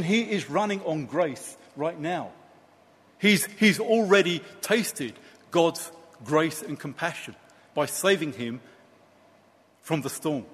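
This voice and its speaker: A man preaching a sermon, slow and emphatic with dramatic pauses. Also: on the high side, slightly rough, long reverb tail.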